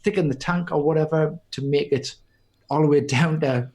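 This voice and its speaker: A man's voice: fairly high pitch, moderate pace, darkish tone. A man co-hosting a podcast, chatting casually and rambling with many restarts. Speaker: podcast co-host. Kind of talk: casual chat.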